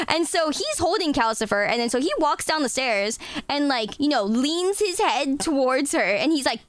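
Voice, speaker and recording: A woman's voice: high-pitched, big pitch swings, moderate pace, no room sound. A young woman streamer chatting casually with her viewers, laughing often and swearing freely. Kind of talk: casual chat.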